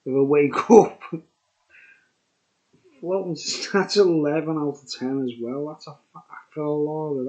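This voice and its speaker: A man's voice: a little high, fairly even intonation, measured pace, pauses often, darkish tone, highs cut off. A middle-aged man, tipsy and rambling as he reviews a beer, chuckling and saying "like" a lot. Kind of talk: rambling casual chat.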